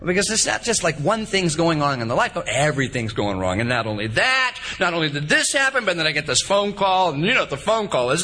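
A man in his thirties preaching a sermon in an animated, repetitive style, acting out little stories from home. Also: sits high, slight background noise. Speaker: pastor.

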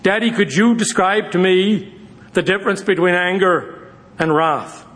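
A man putting on an innocent little girl asking her father questions. The voice is lifted high, and each line comes out as a wide-eyed question. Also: unhurried, a bit bright, in a large hall. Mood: curious.

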